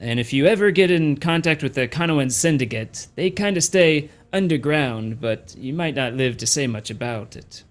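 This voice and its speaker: A man voicing a small, polite male alien guide who speaks slowly and deliberately. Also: on the high side, expressive, natural voice. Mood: helpful.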